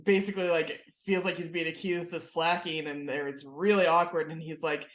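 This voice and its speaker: A woman's voice: low-pitched, moderate pace, few pauses, fairly bright tone, echoey room. A woman in her thirties co-hosting a podcast, telling stories in a chatty way with plenty of fillers and laughs. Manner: chatty storyteller, lots of "like" and laughs. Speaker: podcast co-host. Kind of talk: casual chat.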